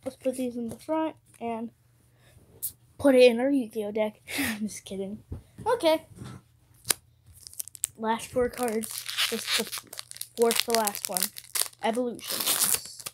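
A woman with a fairly high voice talks unhurriedly as she opens card packs. She mutters to herself, reads off names and now and then cheers. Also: slow, long pauses, slight background noise. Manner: chatty, muttering to herself, bursts of excitement. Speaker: card-opening vlogger. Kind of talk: casual chat while opening cards.

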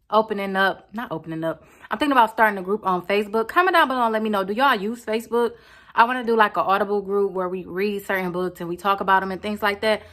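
A young woman talks straight into her phone camera in a loose, chatty vlog. She wanders off-topic and keeps turning back to her viewers with "y'all." Her voice sits at an ordinary middle pitch. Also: fairly bright tone. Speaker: vlogger. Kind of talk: casual chat to camera.

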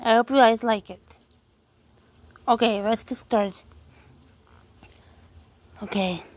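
A woman vlogger doing an amateur rap with slow, drawn-out, repetitive chanting. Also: on the high side, steady tone, no room sound. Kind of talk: amateur rap over a beat. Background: music.

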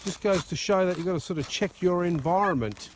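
Excitable Australian man, blokey and upbeat. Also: sits high, fairly quick, background noise. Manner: excitable, blokey, lots of "mate" and "righto". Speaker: metal detecting channel host. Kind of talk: casual outdoor vlog chat. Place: outdoors at a dig site. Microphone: phone camera.

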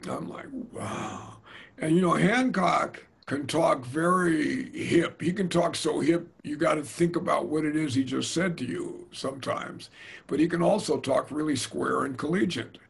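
Older guy, super gravelly and husky, slangy storyteller chatting away in an interview. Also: on the high side. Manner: animated storyteller, slangy and hip, mimics voices. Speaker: jazz drummer telling stories.

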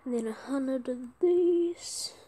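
Casual gaming host, woman, chatty and excitable, high voice with a soft, dark tone. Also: takes it slowly. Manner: excitable, chatty, pleading for trades. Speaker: gaming video creator. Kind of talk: casual let's-play commentary.

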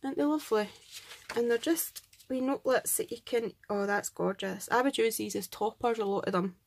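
A woman's voice: fairly high pitch, brisk, creaky. A Scottish woman hosting a craft channel, chatting to camera as she unboxes gifts and gushes over each one. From Scotland. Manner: gushing, chatty, thanks each sender warmly. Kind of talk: casual unboxing chat to camera.

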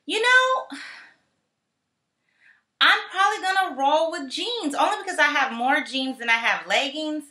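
A woman's voice: high voice, lively intonation, a little slow, pauses often, sharp tone. A woman vlogger chatting casually and playfully through a question tag video, with slangy asides. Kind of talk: casual chat. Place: home in California. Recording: echoey room.

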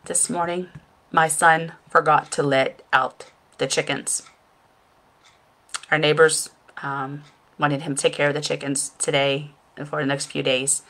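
A woman's voice: sits low, little pitch movement, unhurried, pauses often, a bit bright. A middle-aged woman chatting at home in front of her webcam, telling a rambling, self-deprecating story and laughing at herself. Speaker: makeup seller and vlogger. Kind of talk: casual storytelling vlog.

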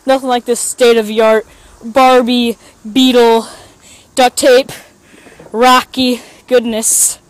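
A woman vlogs outdoors on a hill, her voice sitting a little high and her words coming slowly and loosely. She rambles, then breaks into excited yells, all caught on a handheld phone with a faint hiss underneath. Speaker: vlogger. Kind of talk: casual outdoor vlog.

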